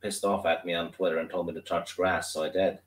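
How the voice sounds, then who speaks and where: A man's voice: sits low, flat delivery, fairly quick. A male guest in casual chat, laid-back and wry. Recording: roomy, distant from mic.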